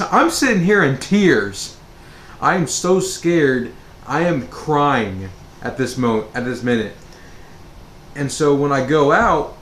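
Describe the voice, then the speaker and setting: A man speaking at a slow, unhurried pace, meandering through a personal story with plenty of "um"s and restarts. His voice rings out in a roomy, echoey space over a faint hum of background noise. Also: medium pitch, a bit bright. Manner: rambling, with many fillers and restarts. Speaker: vlogger. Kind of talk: storytime monologue.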